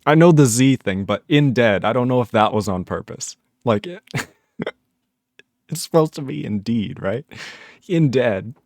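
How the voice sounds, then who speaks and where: A man's voice: medium pitch, expressive, unhurried, darkish tone, dry recording, studio quality. A man on a casual live stream, reading chat messages aloud, laughing often and puzzled by the jokes.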